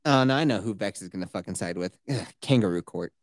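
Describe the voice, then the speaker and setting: Dry, lively sarcastic woman. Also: very deep voice, fast, no echo. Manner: sarcastic, profane ranting. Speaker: podcast co-host. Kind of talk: casual chat.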